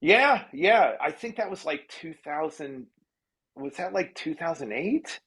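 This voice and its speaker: A man's voice: a little high, animated, unhurried, a bit bright. A man who writes television comedy, chatting casually in a podcast interview, often laughing at himself and restarting his sentences.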